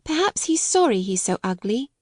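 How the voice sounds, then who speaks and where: Woman voicing a young girl, storybook, earnest, polite, tender, raised pitch, dry studio sound. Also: very animated, moderate pace, a little mellow, dry recording. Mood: musing. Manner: eager, tender and courteous. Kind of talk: audiobook character reading.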